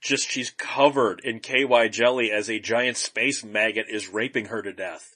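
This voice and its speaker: A man's voice: lowish voice, steady tone, moderate pace, bright, forceful tone. Man, podcast co-host, casual chat, keeps throwing out questions.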